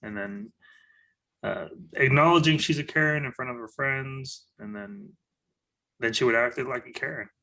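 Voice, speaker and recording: Gravelly bright-voiced man chatting. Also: mid-range voice, normal speed. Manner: easygoing anecdotes with filler words. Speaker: podcast guest. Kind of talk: casual chat.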